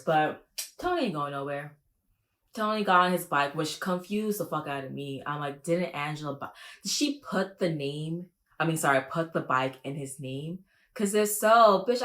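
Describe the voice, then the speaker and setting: A woman vlogger doing casual reaction commentary, gossipy and profane, with sudden animated jumps. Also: moderate pace. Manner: animated, with big pitch jumps.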